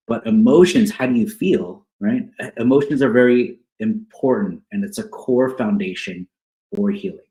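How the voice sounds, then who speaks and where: A man with a fairly low voice teaches like a counselor. He explains patiently, repeats key words and keeps checking in with "right?". The room around him sounds echoey. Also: dark tone. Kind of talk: teaching on couples conflict.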